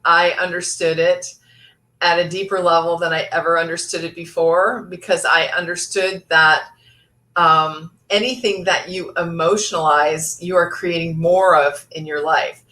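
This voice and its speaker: A woman's voice: fairly low pitch, fairly even intonation, unhurried, bright, forceful tone. A woman life coach giving an earnest motivational talk, with many fillers and restarts.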